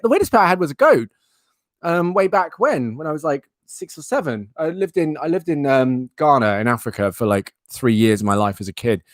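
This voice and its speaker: With a mid-range voice and no room sound, a young livestream host rambles through casual chat in a playful, self-mocking manner.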